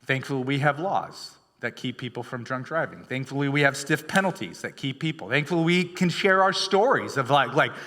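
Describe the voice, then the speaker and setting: A man's voice: medium pitch, animated, brisk, few pauses, a bit bright. A male pastor preaching a sermon in a chatty storytelling way, full of fillers and restarts, in a church. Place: church sanctuary. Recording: long hall reverb.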